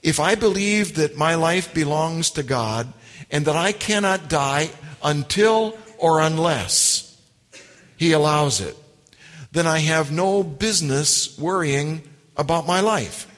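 Slow, deliberate preacher in a reverberant hall. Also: male voice, fairly high pitch, expressive, fairly bright tone. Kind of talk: sermon.

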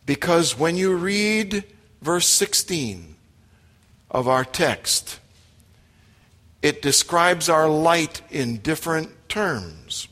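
A man's voice: on the high side, animated, extremely slow, pauses often, fairly bright tone. Emphatic man preaching in a reverberant hall. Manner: emphatic, with direct questions to the congregation. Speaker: pastor. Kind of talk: sermon. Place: church sanctuary.

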